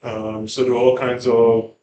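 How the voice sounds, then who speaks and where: Man, mid-pitched, thoughtful panel talk full of fillers, roomy room tone. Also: level tone, normal speed, warm tone, lo-fi sound, slight background noise. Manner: thoughtful, hedging, many fillers and restarts. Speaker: panel guest. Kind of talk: conversational panel discussion. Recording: roomy with faint background ambience.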